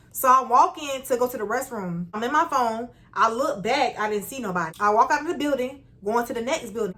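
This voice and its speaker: A young woman telling a storytime to her viewers in a casual, animated, slangy way. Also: mid-range voice. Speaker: vlogger.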